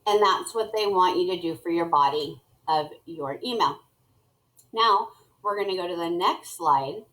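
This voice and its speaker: A woman's voice: on the low side, unhurried, fairly bright tone, low-quality recording. A middle-aged woman teacher guiding students step by step through a screen-recorded tutorial, talking as she types.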